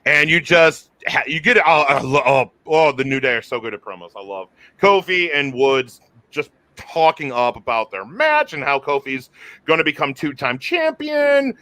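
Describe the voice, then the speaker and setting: A man hosting a casual wrestling review chat, excitable and rambling, often restarting his sentences. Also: on the high side, normal speed, no room sound.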